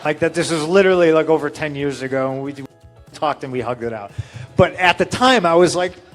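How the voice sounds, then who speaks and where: A man with a voice a touch higher than most spins a backstage story in loose, casual talk. He gets animated and raises his voice to act out what people said. Soft music plays faintly underneath. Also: a little fast. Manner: animated, acts out quotes with raised voice. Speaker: interview guest telling a story.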